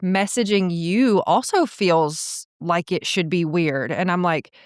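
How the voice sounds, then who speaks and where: A woman's voice: fairly low pitch, slow, no room sound, studio quality. A woman hosting a podcast, chatting supportively and thinking aloud in a casual way. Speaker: podcast host. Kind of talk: casual conversational interview.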